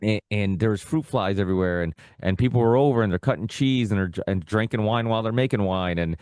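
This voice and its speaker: A man's voice: on the low side, fast, a little mellow, clean tone, no room sound, studio quality. A young man, guest on a podcast, telling stories in a loose, rambling way full of "you know" and "like". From United States, Portuguese immigrant family. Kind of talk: casual conversational storytelling.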